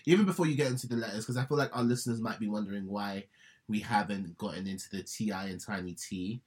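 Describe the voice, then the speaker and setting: A man co-hosting a podcast, animated in casual chat, laughing often and repeating himself. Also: on the low side, quick pace, slightly rough. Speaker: podcast co-host.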